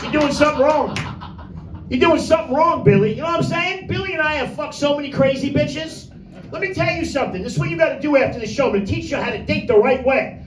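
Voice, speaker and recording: Male stand-up with a high voice. Crude, rambling crowd-work in a roomy, distant recording. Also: animated, quick pace, music in the background. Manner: brash, vulgar, rambling with crowd asides. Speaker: stand-up comedian. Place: small comedy room with few people. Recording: echoey room, mic from a distance.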